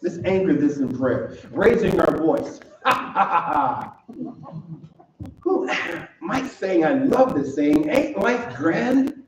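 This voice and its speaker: A man's voice: fairly high pitch, very animated, takes it slowly, pauses often, slight background noise. A man preaching a sermon to his congregation, earnest, repeating phrases for emphasis and laughing easily. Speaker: minister. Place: church sanctuary. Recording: roomy, distant, slightly dull recording.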